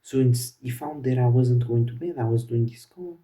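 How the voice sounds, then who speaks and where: Dark-voiced young man calling everyone bro. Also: mid-range voice, moderate pace, recorded from a distance. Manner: slangy, keeps saying "bro". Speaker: vlogger. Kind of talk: casual storytelling to camera.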